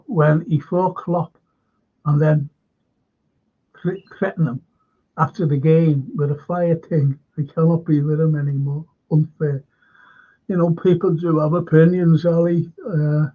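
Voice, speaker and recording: Husky man hosting a chatty fan show. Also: fairly high pitch, steady tone, unhurried. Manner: rambling, chatty, reads viewer comments aloud. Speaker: host. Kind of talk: casual fan chat. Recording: tinny phone-like line.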